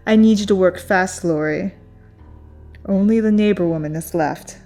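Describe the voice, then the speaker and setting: A woman's voice: medium pitch, normal speed, dark tone, lightly acted. A woman voicing a cold, commanding female ringleader, with faint music behind.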